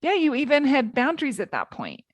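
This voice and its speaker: A woman's voice: high-pitched, wildly swooping pitch, fairly quick, over a noisy crowd. Friendly woman hosting a podcast. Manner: supportive listener, frequent affirmations, laughs along. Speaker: podcast host. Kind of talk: casual podcast conversation.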